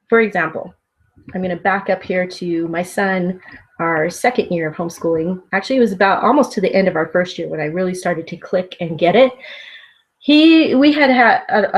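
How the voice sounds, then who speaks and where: A woman who homeschools her children, giving a conversational teaching talk full of anecdotes and small chuckles. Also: mid-range voice. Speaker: homeschooling parent and speaker.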